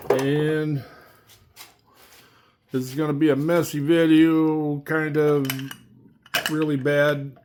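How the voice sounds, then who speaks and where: A man's voice: medium pitch, a little hiss or hum. A man casually narrating a tool-cart build in a cramped home workshop, rambling and offhand, breathing heavily. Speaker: DIY tool vlogger.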